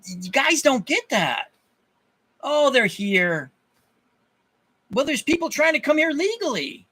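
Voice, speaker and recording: A man's voice: very high voice, very animated, slow pace, bright, forceful tone. A man ranting to his viewers in an angry, profane monologue, often repeating himself and restarting his sentences. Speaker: channel host.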